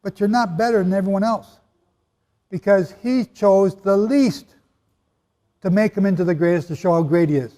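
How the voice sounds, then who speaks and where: A man's voice: high-pitched, normal speed, pauses often, mellow. A man preaching a sermon-style teaching to a live audience, talking emphatically and conversationally and quizzing his listeners. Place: large hall with an audience. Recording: long hall reverb.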